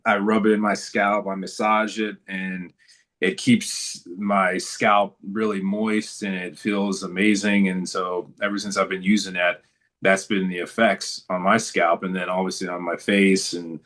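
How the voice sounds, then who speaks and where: A man's voice: low-pitched, little pitch movement, a little slow, a bit bright. A man talking as a guest in a casual interview, telling stories in a laid-back, good-humored way.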